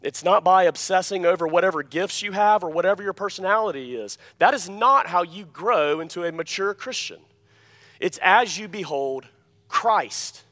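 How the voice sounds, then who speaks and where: A pastor preaching a sermon, emphatic, often asking the congregation "Amen?" and dropping to quiet asides between louder points. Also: male voice, animated, normal speed. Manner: emphatic, repeats key phrases, calls "Amen?" to the congregation; swings between loud emphasis and quiet, low-voiced asides.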